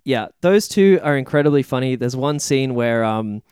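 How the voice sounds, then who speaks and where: A man's voice: medium pitch, animated, moderate pace, darkish tone, clean tone, no echo, clean studio sound. A man co-hosting a podcast in casual chat, emphatic and swearing freely. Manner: profane and emphatic. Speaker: podcast co-host.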